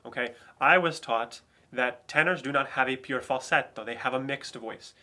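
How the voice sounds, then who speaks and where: A man with a bright, ringing tone teaches a singing lesson. He explains at mid pitch, with frequent fillers and restarts, and breaks into short operatic phrases to demonstrate. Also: moderate pace.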